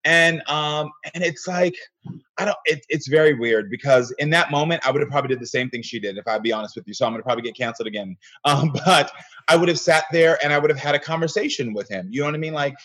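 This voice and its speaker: Husky earnest man telling a story. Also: on the high side, quick pace, fairly bright tone. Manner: earnest storyteller, acts out quoted exchanges. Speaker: guest. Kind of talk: casual interview conversation.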